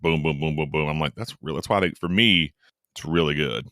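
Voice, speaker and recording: A man with a very deep, bright, resonant voice co-hosts a casual book chat. He rambles enthusiastically and trails off mid-thought. The sound is close and dry. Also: fairly quick, no room sound. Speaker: podcast co-host.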